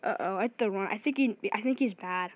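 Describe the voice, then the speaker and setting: A woman giving excited gameplay commentary, talking fast and restarting her sentences often. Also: medium pitch, no echo. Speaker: gaming video creator.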